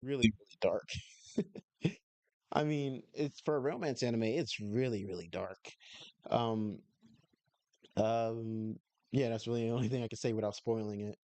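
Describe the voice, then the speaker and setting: A man's voice: mid-range voice, a little slow, long pauses, mellow, dry recording. A man live-streaming, casually reacting to an anime review video in a laid-back, slangy way.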